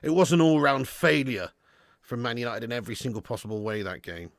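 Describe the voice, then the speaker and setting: A man's voice: mid-range voice, a little fast, gravelly, dry recording. A man hosting a live football watch-along stream, reading out donations and bantering with viewers in a chatty manner with frequent laughs.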